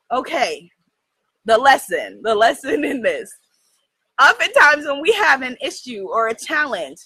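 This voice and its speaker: A woman from New hosting a spiritual livestream, telling a story in an animated way, laughing often and talking straight to her viewers. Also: high-pitched, dry recording, poor audio. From United States. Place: outdoors in the jungle.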